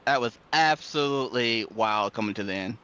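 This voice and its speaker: A man's voice: mid-range voice, moderate pace, pushed and bright, smooth, highs cut off. A man giving color commentary on a race, exclaiming and laughing often.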